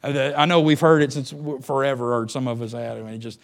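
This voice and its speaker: A man preaching a sermon, swinging between hushed prayerful lines and loud, emphatic exclamations. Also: medium pitch, flat delivery, fast talker, creaky.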